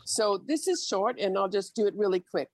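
A woman poet reading her poems aloud and chatting about words in an expressive way. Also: mid-range voice, normal speed, dry recording, low-quality recording. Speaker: guest poet. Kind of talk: poetry reading and chat.

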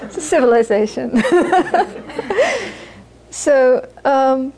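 Woman, Buddhist teacher, high voice, conversational dharma talk, repeats for emphasis. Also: lively intonation, extremely slow, darkish tone, slight background noise, rough recording. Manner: conversational, repeats phrases for emphasis, laughs often. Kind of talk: informal dharma talk to an audience.

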